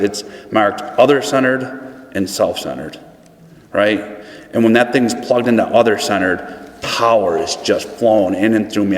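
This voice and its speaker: A man from upstate New York giving a personal testimony at a recovery meeting, chatty and acting out the dialogue in his story. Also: fairly low pitch. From Buffalo, New York. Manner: conversational, acts out dialogue in a story. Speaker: guest speaker at a recovery meeting. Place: meeting hall. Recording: echoey hall.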